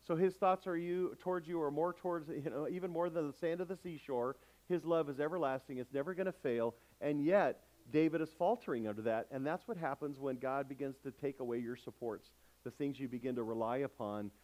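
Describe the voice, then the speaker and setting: A man's voice: on the high side, fairly quick, few pauses, a little mellow, poor audio. A male pastor delivering a sermon, emphatic and calling out questions to his congregation.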